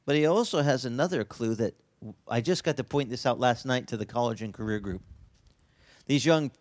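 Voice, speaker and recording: A man preaching a sermon as a pastor, telling stories in an animated way with his voice leaping up in the lively parts. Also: moderate pace, dry recording. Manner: animated storytelling, voice leaping high in excited passages.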